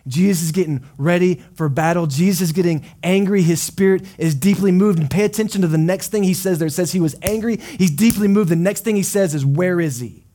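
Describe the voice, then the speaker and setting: A pastor preaches a sermon in a warm voice that sits high, speaking fairly quickly with few pauses. His impassioned cadence builds into repetitive runs, with casual exclamations dropped in.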